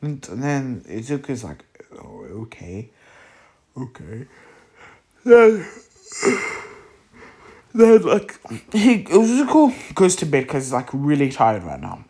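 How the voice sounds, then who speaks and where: A man's voice: a little high, wildly swooping pitch, slow pace, warm tone, slightly rough. A man casually retelling a fan story, rambling with lots of fillers and restarts, sounding tired.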